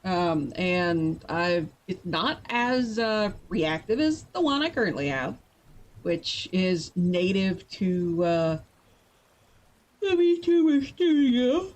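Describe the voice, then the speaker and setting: A worn-out woman with a lowish voice chats with her live-stream viewers while preparing to write. She's very animated and playful, talking freely and laughing at the slightest thing.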